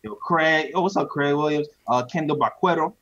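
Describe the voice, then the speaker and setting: Male co-host with a high voice, jokey and slangy; dull, slightly noisy audio. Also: a little fast, fairly bright tone. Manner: joking, laughs often, slangy. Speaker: podcast co-host. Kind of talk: casual sports talk.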